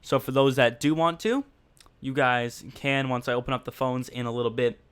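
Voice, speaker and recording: A man hosts a casual livestream podcast in a smooth, clear voice of medium pitch, speaking at normal speed with a fairly bright tone. He rambles with plenty of fillers, talking to his viewers directly in a blunt, mocking way.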